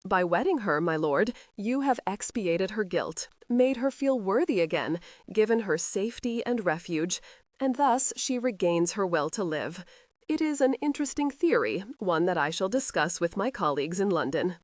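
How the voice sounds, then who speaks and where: A woman's voice: medium pitch, animated, normal speed, no echo, clean studio sound, close to an everyday voice. A woman doing an earnest, theorizing doctor. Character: earnest middle-aged male country doctor.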